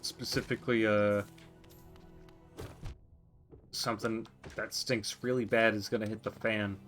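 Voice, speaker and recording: A man's voice: fairly low pitch, little pitch movement, normal speed, fairly bright tone, soft background music. A man streaming a game, musing to himself in casual commentary and reading on-screen text aloud.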